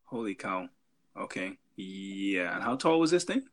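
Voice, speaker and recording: A man's voice: sits low, big pitch swings, a little slow. A man co-hosting a podcast in casual chat, joking and rambling with lots of fillers. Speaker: podcast co-host.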